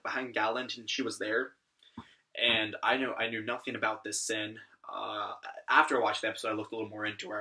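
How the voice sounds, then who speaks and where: A young man talks through an anime episode in a loose, rambling way, full of fillers. His voice is bright and a bit forward. He sits somewhat back from the microphone. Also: mid-range voice, distant mic. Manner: rambling, animated, many fillers. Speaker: anime reviewer. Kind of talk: casual episode recap.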